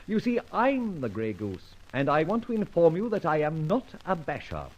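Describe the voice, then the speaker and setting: An actor playing a suave, proud gentleman thief, theatrical and wry, quick to indignation, in a 1940s-style radio drama. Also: fairly high pitch, big pitch swings. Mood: indignant. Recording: dull old radio recording.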